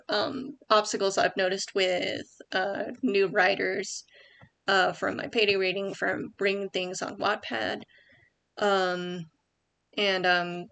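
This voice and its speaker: A woman's voice: mid-range voice, gravelly, a bit bright. A young woman at home giving casual writing tips over a screen share, rambling with many ums and likes and correcting herself as she goes.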